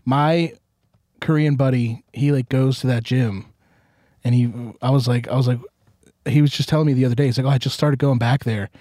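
A man's voice: mid-range voice, fairly even intonation, a little fast, warm tone, dry recording, studio quality. A man guesting on a comedy podcast, trading crude jokes in casual banter and laughing a lot.

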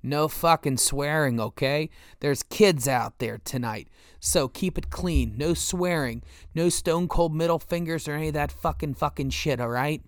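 A man's voice: fairly high pitch, measured pace, dry recording, studio quality. A man voicing a foul-mouthed, whiny male wrestling promoter with a thick Boston accent. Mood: bossy. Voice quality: whiny, yelling.

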